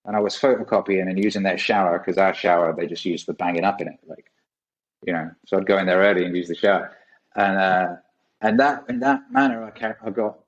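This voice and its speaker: Deep-voiced and recorded with lo-fi sound, this man is a forty-something guest musician on a podcast. He tells casual, rambling stories and swears a lot.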